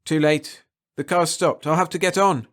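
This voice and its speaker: A man narrating a first-person short story aloud, expressive and swinging from hushed to excited. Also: fairly high pitch, normal speed. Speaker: audiobook narrator.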